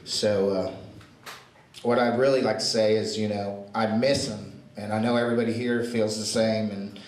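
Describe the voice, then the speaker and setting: A man's voice: lowish voice, flat delivery, moderate pace, a little mellow. A man giving an informal eulogy for a friend, telling stories in a rambling way with many fillers. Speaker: eulogy speaker. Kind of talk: informal spoken tribute. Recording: echoey room with faint noise.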